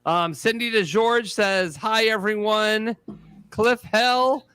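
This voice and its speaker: A man's voice: high-pitched, takes it slowly, sharp tone, clean tone, dry recording. A man co-hosting a live show, upbeat and reading out viewers' names and greetings from the chat. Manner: upbeat, reads names off a list. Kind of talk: casual live-stream chat.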